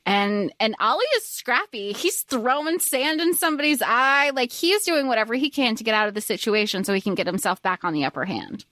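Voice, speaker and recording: A woman co-hosting a podcast, chatting casually and excitedly about a book and acting out characters' lines. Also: dry recording, studio quality. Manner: excitable, quick pitch jumps when quoting characters. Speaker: podcast co-host.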